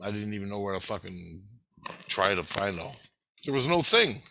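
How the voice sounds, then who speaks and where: Bright-voiced man rambling through a story. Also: lowish voice, moderate pace, gravelly, a little hiss or hum. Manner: rambling, profane, animated retelling. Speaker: vlogger. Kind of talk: casual storytelling to camera.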